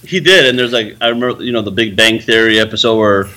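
A man co-hosting a podcast in casual chat, halting and heavy on fillers. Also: on the low side, pushed and bright, poor audio. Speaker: podcast co-host.

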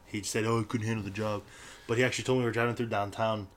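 A man's voice: lowish voice, level tone, a little hiss or hum. A man co-hosting a casual podcast chat, telling stories and acting out the people in them. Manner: fast storytelling, acts out quoted people. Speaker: podcast co-host.

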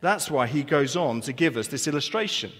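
A man's voice: fairly high pitch, animated, brisk, a bit bright, breathy edge. Earnest male pastor in a reverberant hall. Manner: earnest, rhetorical questions and repetition. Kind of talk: sermon. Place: church hall. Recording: long church reverb.

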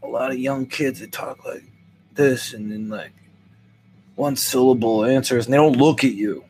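A man's voice: mid-range voice, normal speed, a little hiss or hum. Rambling, wry older man. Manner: rambling, wry, animated swings into quoted voices. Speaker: podcast host. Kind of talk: solo comedic monologue.

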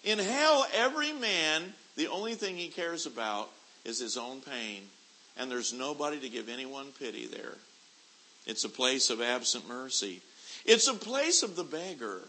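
A middle-aged man preaching a sermon, moving from quiet storytelling to loud, shouted preaching. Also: medium pitch, animated, normal speed, a little hiss or hum, poor audio. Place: church convention hall.

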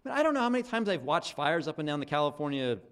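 Animated, high-voiced young male pastor. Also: racing. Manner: conversational, lots of "like" and restarts. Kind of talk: casual sermon.

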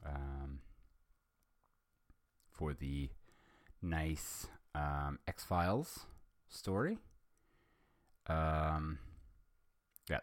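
A man's voice: extremely low pitch, very slow, long pauses, no room sound, clean studio sound. A man hosting a podcast, reading fan fiction aloud and chatting hesitantly, with many ums and self-corrections. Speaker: podcast host.

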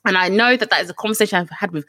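A woman co-hosting a podcast in casual chat, animated and frank, venting with the odd swear word. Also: medium pitch, rapid-fire, no echo. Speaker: podcast co-host.

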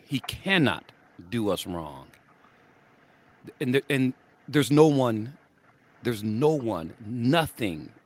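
An older man co-hosting a casual faith podcast, an animated storyteller who laughs often and acts out what people said. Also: fairly low pitch. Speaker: podcast co-host.

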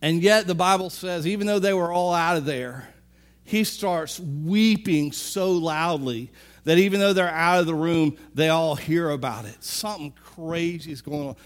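A middle-aged man preaching, retelling a story with lively asides and acting out the characters' lines. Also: on the high side, normal speed. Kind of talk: sermon.

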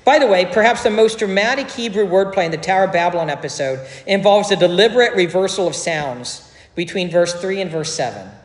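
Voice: medium pitch, a little fast. A pastor delivering a sermon, explaining scripture in a conversational way with joking asides. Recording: echoey hall with long reverb.

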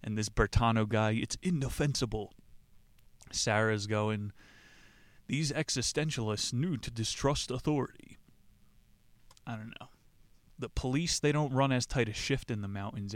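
A man's voice: medium pitch, clear, resonant tone, no room sound. Male podcast host with a mocking, offhand delivery in a dead-dry booth. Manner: irreverent, rambling, mocking. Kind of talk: casual book discussion podcast.

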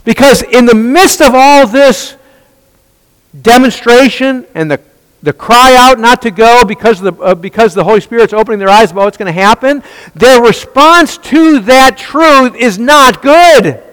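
A man's voice: very high voice, normal speed, a bit bright, smooth, in a large hall, poor audio. A man teaching a Bible study, asking rhetorical questions and answering them himself, often restarting and repeating words.

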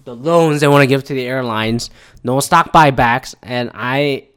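A man talking in a loose, opinionated monologue, swearing freely and rambling from point to point. He laughs often and slips in mocking asides, his voice sitting at an ordinary mid-range pitch. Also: a little slow, a bit bright, smooth.

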